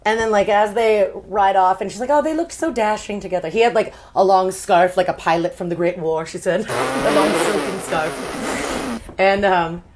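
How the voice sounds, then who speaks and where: Animated woman chatting on a podcast. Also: medium pitch, measured pace, slight background noise. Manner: animated, swears, acts out characters' lines. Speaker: podcast co-host. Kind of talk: casual chat.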